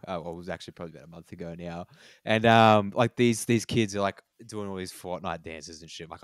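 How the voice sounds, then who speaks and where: A man's voice: low-pitched, quick pace, no room sound, studio quality. A young man, co-hosting a podcast, telling rambling stories and swearing casually. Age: young adult. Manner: rambling storyteller, swears, laughs at own jokes. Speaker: podcast co-host. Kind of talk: casual chat.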